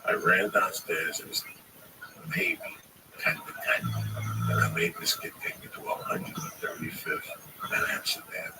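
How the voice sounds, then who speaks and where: A man's voice: low voice, wildly swooping pitch, measured pace, gravelly. A middle-aged man telling long, profane, rambling stories to friends in a casual livestream. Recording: distant mic with loud background noise.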